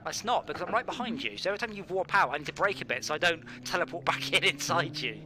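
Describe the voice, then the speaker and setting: A British man with a slightly high voice hosts a live racing stream and chats loosely with his friends. He gets excitable and shouts at other drivers. A clear engine hum sits under his voice. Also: quick pace. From Britain. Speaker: stream host and server admin. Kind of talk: casual live-stream chat while sim racing.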